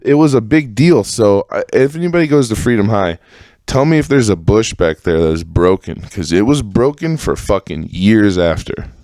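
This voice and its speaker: A man's voice: on the low side, moderate pace, dry recording, studio quality. A man hosting a podcast alone, telling old stories in a rambling, profane, casual way and mimicking other people's voices. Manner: profane, rambling, animated when quoting others. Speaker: podcast host. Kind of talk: casual storytelling monologue.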